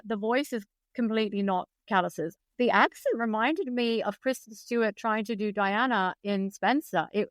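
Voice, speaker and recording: Crisp, articulate British-raised woman. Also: a little high, no echo. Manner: articulate, precise, opinionated. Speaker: guest biographer. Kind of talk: podcast discussion.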